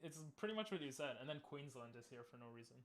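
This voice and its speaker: A man's voice: medium pitch, expressive, fast talker. A man streaming, chatting casually and easygoingly with his viewers, laughing often.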